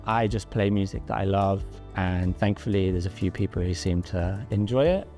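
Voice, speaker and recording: A man casually narrating a day-in-the-life vlog in a relaxed, chatty way, often saying "like". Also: low voice, normal speed, soft background music. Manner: laid-back, chatty, says "like" often. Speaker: designer vlogging his day. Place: around his home city, home, café and office.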